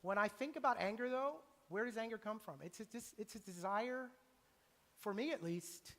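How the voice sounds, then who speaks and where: A middle-aged man preaching a sermon in a church, animated and acting out the voices he quotes. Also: high-pitched, normal speed. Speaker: pastor. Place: church sanctuary. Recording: long church reverb.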